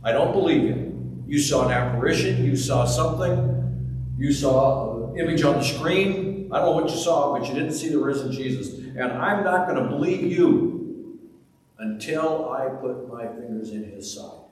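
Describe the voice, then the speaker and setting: A man voicing a stubborn male disciple who flatly refuses to believe, in an echoey hall with the mic far off. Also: mid-range voice, moderate pace, a little hiss or hum, lightly acted. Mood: defiant. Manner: flat refusal, emphatic.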